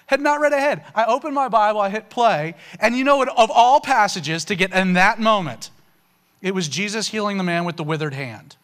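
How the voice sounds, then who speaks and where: A man telling a personal faith testimony to an audience, in a casual, conversational way with lots of "you know" and "man", getting animated at the emotional peaks. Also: a little fast. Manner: animated, rising sharply in pitch on emotional punchlines. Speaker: speaker giving a personal testimony.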